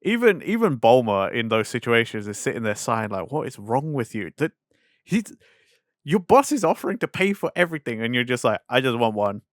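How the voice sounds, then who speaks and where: A man's voice: mid-range voice, big pitch swings, fairly quick, no echo. A young man co-hosts a casual podcast, with a mid-range voice. He retells scenes with acted-out quotes and drops in slangy asides like bruh and man. The recording is dry and close. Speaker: podcast co-host. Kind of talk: casual chat.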